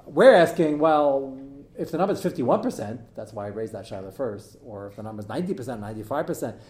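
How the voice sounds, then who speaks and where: A middle-aged man teaching a live class as its rabbi, animated and joking, with many fillers as he digresses. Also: medium pitch, fast talker, echoey room. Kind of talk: live lecture to an audience.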